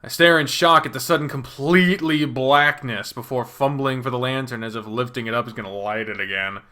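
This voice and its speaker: Man giving a dramatic bright-voiced reading. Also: mid-range voice, brisk. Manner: expressive, moves from hushed near-whispers to loud panicked reading. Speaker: channel host reading a visual novel aloud. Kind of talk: dramatic first-person reading of a game story.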